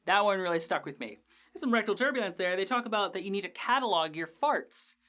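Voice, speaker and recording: A woman's voice: mid-range voice, animated, fast, a bit bright. A woman hosting a TV after-show, reviewing an episode in a casual, joking way with frequent swearing. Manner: chatty, profane, joking asides.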